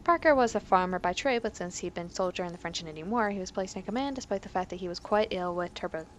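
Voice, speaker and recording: A woman's voice: lowish voice, quick pace, a little hiss or hum. A woman hosting a let's play, reading in-game history entries aloud with joking asides and frequently tripping over her words. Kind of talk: casual gameplay commentary.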